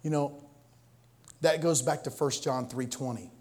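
A male pastor preaching a sermon, animated, swinging between loud bursts and quiet asides. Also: medium pitch, a little slow.

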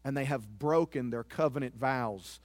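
A man's voice: mid-range voice, moderate pace, dry recording. A man preaching a sermon as pastor, earnest and confessional, often repeating a word as he goes.

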